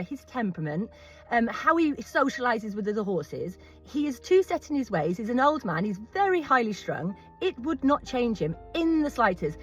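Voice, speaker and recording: A woman's voice: on the high side, sing-song, normal speed, slightly rough, faint music behind. A middle-aged British woman who owns horses, talking straight to camera in a firm, emphatic way that repeats her points. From Britain. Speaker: horse owner. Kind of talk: vlog monologue.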